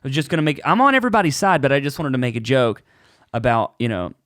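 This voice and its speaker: Animated male comedian, dry close mic, chatty storyteller who jumps into voices. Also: mid-range voice, fast talker, no room sound. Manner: animated, acts out voices in his stories. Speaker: podcast co-host, comedian. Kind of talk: casual storytelling chat.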